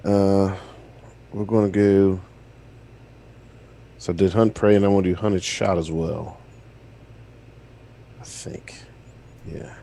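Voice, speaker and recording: A man's voice: low voice, flat delivery, takes it slowly, gravelly, long pauses, warm tone. A man playing in a tabletop game, talking through his moves in an easygoing, wry way. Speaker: player. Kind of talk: casual tabletop game chat.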